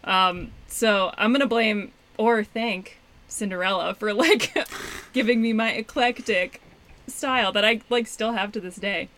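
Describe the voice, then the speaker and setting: A woman's voice: medium pitch, unhurried, fairly bright tone. A woman co-hosting a podcast, talking in a chatty, enthusiastic way full of fillers. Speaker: podcast co-host. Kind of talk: casual chat.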